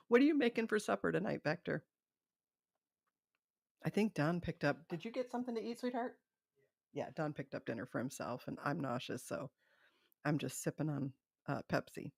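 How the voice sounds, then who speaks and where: A woman's voice: low-pitched, sing-song, moderate pace, creaky, pauses often, no echo, clean studio sound. A middle-aged woman hosting a live stream, chatting casually and rambling, laughing often. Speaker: livestream host.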